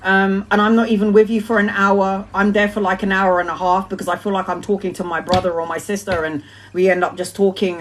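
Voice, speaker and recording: A woman in her forties, a tarot reader talking in a casual live-stream monologue, emphatic and repetitive, swearing freely as she talks. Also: medium pitch. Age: 40s.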